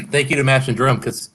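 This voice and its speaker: A man's voice: medium pitch, fairly bright tone, a little hiss or hum. A man hosting a casual whiskey-tasting livestream, rambling and hedging with frequent self-corrections. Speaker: host of a whiskey review stream.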